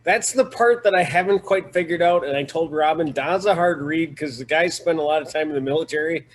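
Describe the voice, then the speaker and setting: A man's voice: on the high side, fairly quick, rough recording. A man on a video call, talking frankly and joking, sometimes laughing mid-sentence. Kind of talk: casual video call chat.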